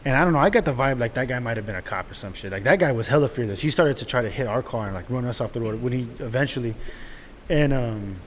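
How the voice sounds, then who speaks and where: A young man telling a story in a casual, animated and profane way, laughing as he goes. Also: mid-range voice, fast talker. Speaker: podcast host. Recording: echoey room with faint noise.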